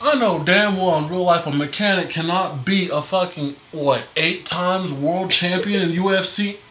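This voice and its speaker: Profane, animated young man chatting. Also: sits high, moderate pace, a little hiss or hum. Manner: profane, animated, acts out quotes. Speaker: podcast co-host. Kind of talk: casual chat.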